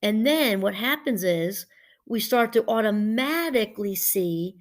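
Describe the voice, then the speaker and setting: Woman professor with a mid-pitched voice, chatty teaching talk, digressive with frequent restarts. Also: animated, unhurried. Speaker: professor and podcast host. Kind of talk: casual teaching monologue.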